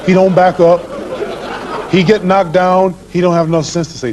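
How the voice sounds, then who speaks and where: A boxing champion lecturing and boasting in an old TV interview, with a preachy, rhythmic way of talking. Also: male voice, high-pitched, expressive, normal speed, a little mellow. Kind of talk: archival TV interview talk. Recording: hissy old archive TV recording.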